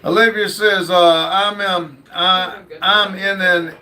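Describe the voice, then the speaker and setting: A man's voice: high-pitched, fairly even intonation, takes it slowly, bright, forceful tone, a little hiss or hum. A man hosting a casual livestream, reading viewer comments aloud with lots of fillers. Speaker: livestream host reading chat.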